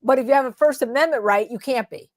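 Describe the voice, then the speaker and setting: A woman's voice: high-pitched, fast talker, no room sound. A woman with a New Jersey accent hosting live legal commentary, talking indignantly with stumbling restarts. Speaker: host.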